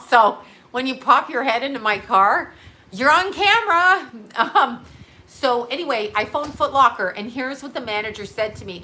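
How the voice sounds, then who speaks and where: Bright chatty woman telling a story. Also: a little high. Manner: rambling, chatty, swears freely. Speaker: livestream host. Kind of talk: casual storytelling to viewers.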